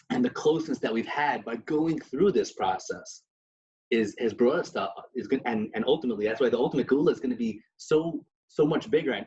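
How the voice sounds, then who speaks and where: Heard on a dull lo-fi recording, a man with a darkish, medium-pitched voice co-hosts a podcast. His casual religious discussion unfolds as storytelling sprinkled with Yiddish terms and frequent restarts.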